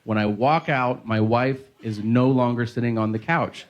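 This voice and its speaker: A man's voice: mid-range voice, normal speed, dull audio. Crude, self-mocking male stand-up comic. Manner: crude, self-deprecating, acts out conversations. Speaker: stand-up comedian. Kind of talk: stand-up comedy set. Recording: noisy live club recording. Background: audience laughter.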